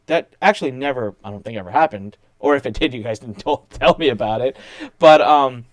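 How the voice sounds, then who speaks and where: A man's voice: mid-range voice, fairly quick, no room sound. A man telling a story in casual chat as a guest, acting out the people he quotes and often restarting his sentences. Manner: animated, acts out quoted people, many restarts.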